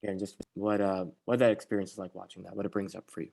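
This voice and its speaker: A man facilitating an online bias training, speaking in a measured way with frequent pauses. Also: low voice, level tone, vocal fry, darkish tone. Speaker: workshop facilitator.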